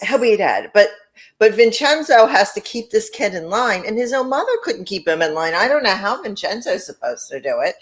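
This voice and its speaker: A woman co-hosting a chat show, talking in an animated, gossipy way and swearing freely. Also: mid-range voice, normal speed. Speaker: co-host. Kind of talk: casual chat.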